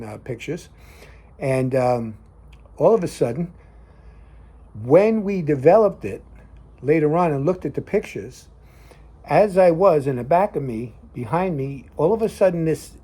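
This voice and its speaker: A man's voice: on the high side, mellow, husky. A middle-aged man hosting a casual talk show, rambling through a story with many fillers and restarts. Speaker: host. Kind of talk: casual chat. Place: garage.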